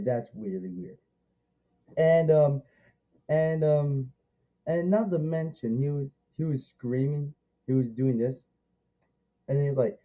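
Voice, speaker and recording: A man reviewing a movie in a loose, unscripted way, circling back to the same points and repeating himself. He talks slowly, and his voice is slightly high in pitch yet very dark and mellow in tone. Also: poor audio. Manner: rambling and repetitive, eager, many restarts. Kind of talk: casual spoken movie review.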